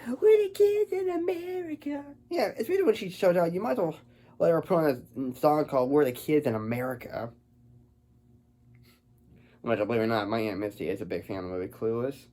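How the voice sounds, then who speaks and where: A man's voice: medium pitch, fairly quick, long pauses, darkish tone. A man giving a casual film review, rambling and stumbling over his words.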